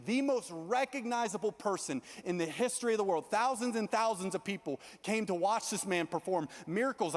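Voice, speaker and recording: A young male youth pastor preaches with a high, bright voice and real urgency, tripping over his words and restarting as he presses his point. His voice rings through a large hall with a long reverb tail. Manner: earnest, animated preaching with frequent restarts. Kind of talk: sermon.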